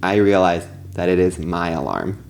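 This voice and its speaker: A man's voice: sits low, moderate pace, vocal fry, darkish tone. A young man co-hosting a podcast, telling a story in casual chat and acting out his own past lines. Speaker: podcast co-host.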